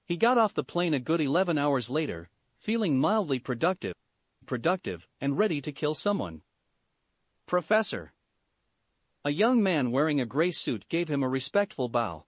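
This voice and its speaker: A man reading fan fiction aloud as narrator, in an expressive way. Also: on the high side, a little fast, few pauses, no echo. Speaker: story reader.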